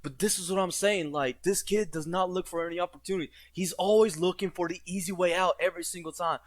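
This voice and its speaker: A man rants through a reaction commentary in a blunt, profane way. His voice sits a little on the high side. The recording is dry and close, with no room sound. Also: steady tone, fast talker, no room sound. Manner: mocks characters in put-on quotes.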